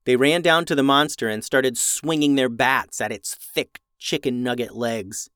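A man reading a children's adventure story aloud, with lively voices for the characters. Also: mid-range voice, measured pace, smooth, no room sound, studio quality. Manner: animated, raises voice for characters' lines.

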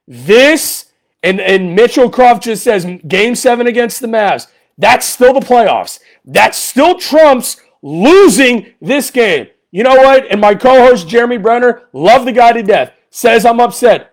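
A man's voice: extremely high pitch, animated, a little slow. A male podcast host delivering an exasperated, emphatic post-game rant full of rhetorical questions.

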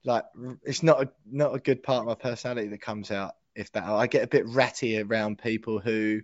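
A man's voice: fairly low pitch, brisk, no echo, highs cut off. Chatty man on a podcast mic. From England. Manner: excitable, chatty, says mate a lot. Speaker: podcast co-host. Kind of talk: casual chat.

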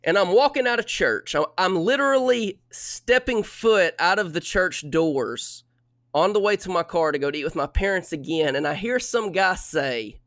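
Young male storyteller, exasperated and lively, slightly high, close dry mic. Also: normal speed, dry recording. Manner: animated, exasperated retelling. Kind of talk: casual storytelling.

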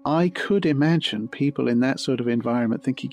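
A man giving a measured, analytical explanation as a forensic psychology expert. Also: mid-range voice, a little mellow, faint music behind.

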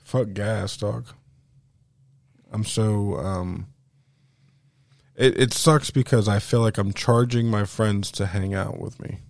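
A man's voice: fairly low pitch, steady tone, slow pace, gravelly, long pauses, a little mellow, no echo. A man co-hosting a podcast in casual chat. He is stoned and rambles through his thoughts. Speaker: podcast co-host.

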